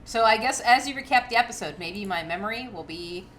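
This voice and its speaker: Bright, playful woman co-host. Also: medium pitch, expressive, a little fast, a little hiss or hum. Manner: playful, teasing, rants freely. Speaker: podcast co-host. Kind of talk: casual podcast chat.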